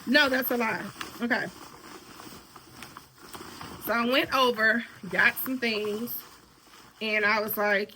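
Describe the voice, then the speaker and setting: A woman in her forties from talks casually to the camera, chatty and rambling, with plenty of "y'all" and side stories. Her voice is hoarse and worn out. Underneath the hoarseness it sits slightly high and sounds bright and forceful. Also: steady tone, slow, pauses often, slight background noise. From Birmingham, Alabama. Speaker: sewing vlogger.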